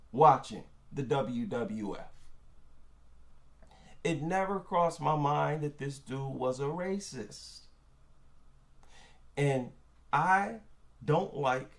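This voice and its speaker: A man with a high, lively voice delivers opinion commentary. He talks slowly and emphatically, with an indignant edge. He often repeats a line to drive it home.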